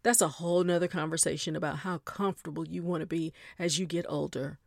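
A woman's voice: low-pitched, fairly even intonation, fast, creaky, dry recording, clean studio sound. A middle-aged woman hosting a podcast, chatting in a playful, casual way straight to her listeners. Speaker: podcast host. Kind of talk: casual chat.

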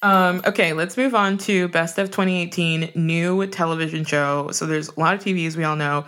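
A woman's voice: fairly low pitch, fairly even intonation, normal speed, fairly bright tone. A woman in her thirties co-hosting a podcast in casual chat, chatty and playful, laughing often and swearing for fun. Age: 30s. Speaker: podcast co-host.

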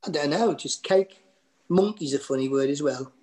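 A man's voice: on the high side, normal speed, a little mellow, low-quality recording. A middle-aged man with a Geordie accent, a comedian telling stories in a casual interview, rambling with lots of fillers and restarts. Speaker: comedian guest.

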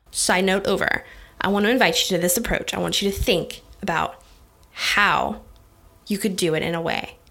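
Chatty, energetic woman business coach. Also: mid-range voice. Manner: energetic, chatty, addresses listeners as guys and honey. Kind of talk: casual direct-to-camera coaching talk.

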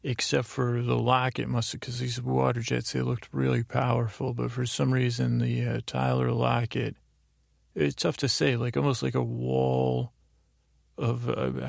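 Gravelly guy rambling a sleepy bedtime story, lots of uhs, super flat delivery. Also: mid-range voice, no echo, studio quality. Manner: meandering, full of fillers and restarts. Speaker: podcast host.

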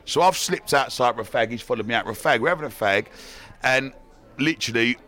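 A man telling an excitable story in casual chat, repeating himself as he goes. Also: medium pitch, fast.

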